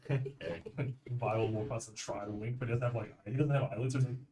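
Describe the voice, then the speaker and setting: A man playing a tabletop game, speaking in a dry, quiet way. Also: mid-range voice, fairly even intonation, fairly quick, a crowd in the background. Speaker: player. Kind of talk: in-character tabletop play.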